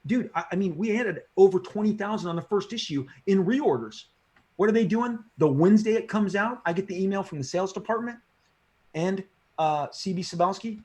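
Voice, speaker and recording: In a casual interview, the middle-aged comic book creator speaks in a high-pitched voice, a little fast. He tells excitable, slangy stories and repeats himself the more worked up he gets.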